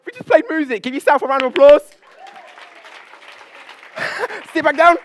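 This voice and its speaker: A man, a public speaking coach, leading a live seminar on stage with high energy, playful banter and frequent laughs. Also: lively intonation, normal speed, a faint crowd, a little hiss or hum. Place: event stage before an audience.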